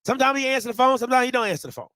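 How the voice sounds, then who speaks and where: A man with a Baltimore accent hosts a sports talk show in an unusually high voice. He talks in rapid, emphatic bursts and breaks into shouts. The sound is dry and close. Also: lively intonation, no echo. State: out of breath. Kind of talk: excited sports commentary with call-ins.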